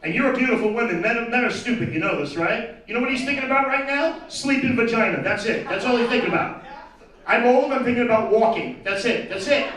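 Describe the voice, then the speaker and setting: His voice is extremely high and a bit bright, moving at a quick pace, as this male comedian delivers crude, brash material and needles the crowd live. An echoey distant mic catches the audience chattering and laughing.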